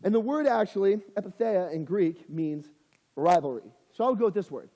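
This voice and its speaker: A young man preaches casually to teenagers, acting out the people he quotes along the way. His voice sits high for a man and sounds mellow. It carries a long, reverberant tail from the hall. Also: expressive, brisk. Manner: conversational, acts out quoted voices. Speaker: youth pastor. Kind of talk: casual youth sermon.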